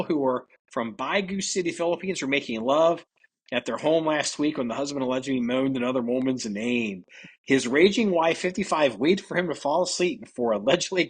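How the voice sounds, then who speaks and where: A man's voice: on the high side, slightly rough. A man hosting a casual podcast, reading odd news stories aloud and laughing and joking about them. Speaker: podcast host.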